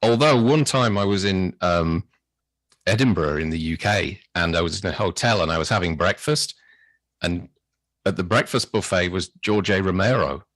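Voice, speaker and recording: A British man, a podcast guest, telling anecdotes in a casual, animated way. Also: sits low, normal speed, dry recording. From Britain. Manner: animated storyteller, acts out his own excitement. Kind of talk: casual storytelling chat.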